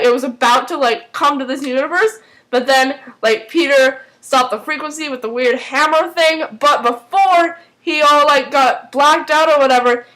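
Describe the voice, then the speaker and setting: A woman giving a casual spoken recap of a TV episode, rambling with lots of fillers and restarts and turning animated and emotional as she reacts. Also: sits high, low-quality recording. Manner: animated and emotional, swinging between excitement and mock dismay. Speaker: fan recap vlogger.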